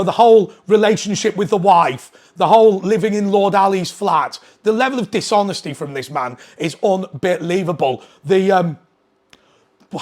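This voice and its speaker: A man giving an opinionated political monologue to camera, indignant and firing off pointed rhetorical questions. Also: sits high. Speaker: political commentator.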